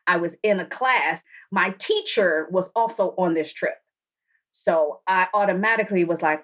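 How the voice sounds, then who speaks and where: A woman's voice: fairly low pitch, moderate pace. A woman who is a guest on a podcast, telling stories animatedly and acting out the people in them. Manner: animated, acts out quoted voices. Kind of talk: storytelling in a podcast interview.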